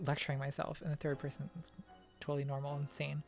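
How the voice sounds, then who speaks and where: A woman's voice: deep voice, monotone, fast, a little mellow, faint music behind. Woman chatting casually on a livestream. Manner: thinks aloud, self-deprecating, many restarts. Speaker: streamer answering patron questions.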